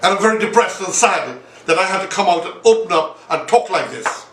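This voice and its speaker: An impassioned man delivers political commentary, turning again and again to his viewers. His voice is high and bright. He sounds set back from the mic in an echoey room. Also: expressive, brisk, far from the mic. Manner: repetitive, appealing directly to viewers. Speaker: online show host.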